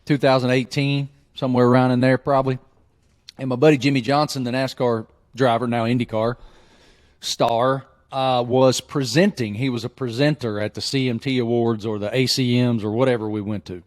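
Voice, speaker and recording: A man from southwest Virginia hosting a podcast, telling a hometown story in an animated, joking way. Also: mid-range voice, moderate pace. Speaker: podcast host. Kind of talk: casual chat.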